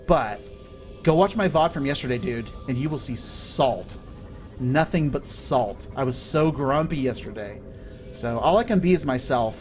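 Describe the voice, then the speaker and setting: A man from California chatting excitably and swearing casually while he streams a video game. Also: medium pitch. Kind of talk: live gameplay stream chat.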